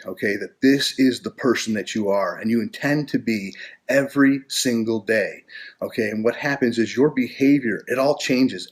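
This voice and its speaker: A man giving a motivational coaching talk, earnest and repetitive, ending almost every phrase with "okay?" and often clearing his throat. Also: mid-range voice. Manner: repetitive, earnest, with many restarts. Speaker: life coach.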